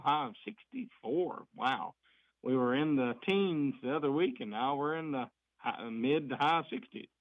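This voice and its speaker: A man gives a folksy, chatty community report on local radio. His voice sits a bit high and moves around a lot. The sound is dry and dull, like lo-fi radio. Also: no room sound. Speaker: fire district reporter on radio.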